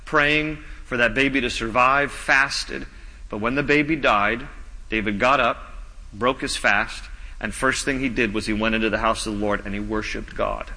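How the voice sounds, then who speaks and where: A man preaching a sermon as pastor, earnest, slowing down whenever he reads scripture aloud. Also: mid-range voice, sharp tone. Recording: long reverb of a large hall.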